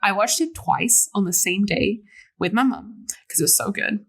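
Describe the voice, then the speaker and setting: A young woman co-hosting a podcast in casual chat, animated, laughing often and swearing. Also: medium pitch, moderate pace, gravelly, husky. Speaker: podcast co-host.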